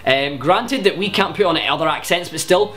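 A man's voice: a little high, moderate pace, fairly bright tone. A young Scottish man in his twenties, ranting bluntly and swearing through a countdown vlog. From Scotland. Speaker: YouTuber.

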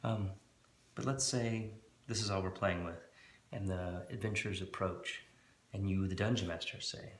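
Low-voiced man explaining a tabletop game. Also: moderate pace, roomy sound, a little hiss or hum. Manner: relaxed, rambling, many fillers. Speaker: dungeon master and channel host. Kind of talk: casual tutorial explanation. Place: room at home with a board.

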